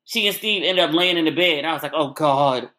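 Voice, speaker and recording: Bright-voiced woman chatting frankly. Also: fairly low pitch, quick pace. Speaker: podcast host. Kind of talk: casual solo chat.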